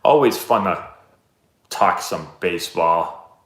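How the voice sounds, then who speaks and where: A man's voice: deep voice, expressive, slow pace, a bit bright. Laid-back man chatting on a live stream. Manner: laid-back, rambling, self-deprecating storyteller. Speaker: host answering live chat questions. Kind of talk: casual chat. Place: indoor room, live stream. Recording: roomy echo.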